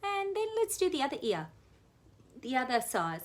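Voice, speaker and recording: Gentle, soothing woman guiding relaxation. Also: high voice, wildly swooping pitch. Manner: gentle, soothing, slow guidance with soft laughs. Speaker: wellness educator. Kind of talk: guided self-massage instruction.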